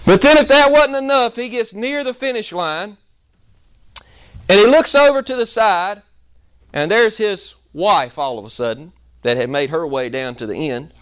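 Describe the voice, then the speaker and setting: A preacher man tells a homespun story to his congregation, acting out each scene with animated energy. His voice sits high and rings clear and smooth. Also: normal speed. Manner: animated, folksy, acts out the story. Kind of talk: storytelling sermon.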